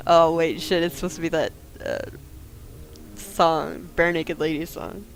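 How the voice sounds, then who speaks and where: A woman playing a video game, reading its narration aloud quickly and bursting into loud profane reactions. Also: low-pitched, soft background music. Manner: profane, frequent swearing outbursts; reads narration quickly and flatly. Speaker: gamer. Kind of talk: let's play commentary, reading game text aloud.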